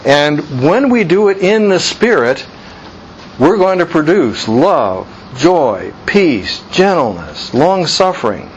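A man's voice: fairly high pitch, big pitch swings, takes it slowly, muffled recording, a little hiss or hum. A man leading an informal Bible study, talking earnestly and conversationally, repeating his points for emphasis.

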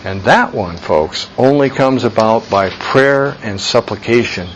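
A man's voice: mid-range voice, unhurried. A man leads an informal Bible study, earnest and conversational. He drives his points home by repeating them. The recording is dull and lo-fi, with a faint hiss underneath. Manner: earnest, conversational, emphatic repetition.

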